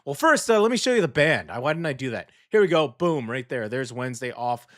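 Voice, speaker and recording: A man's voice: mid-range voice, big pitch swings, a little fast. A man hosting a chatty morning show with a Southern twang. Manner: playful put-on Southern twang; rambling, with many fillers and self-corrections. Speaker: radio show host. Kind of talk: casual morning show chat.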